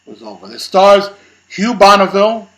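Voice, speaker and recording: A man co-hosts an easygoing chat, pressing his points with repetition and laughter. His voice is bright and slightly high. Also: very animated, normal speed, poor audio. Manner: emphatic, repeats words, laughs. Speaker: co-host. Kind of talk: casual chat.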